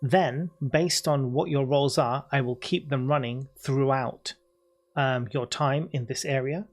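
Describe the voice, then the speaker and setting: A man's voice: mid-range voice, steady tone, measured pace. A British man acting as game master, reading adventure descriptions aloud and chatting loosely with his players. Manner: chatty and easygoing, reads descriptions steadily then chats loosely. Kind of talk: running a tabletop game, reading adventure text.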